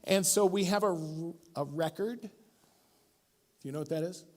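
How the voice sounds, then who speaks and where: A middle-aged man delivers a sermon in church. His voice sits somewhat high for a man, and he talks in a casual, storytelling way, acting out the lines he quotes. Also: a little slow. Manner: storytelling, animated, acts out quotes. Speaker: pastor.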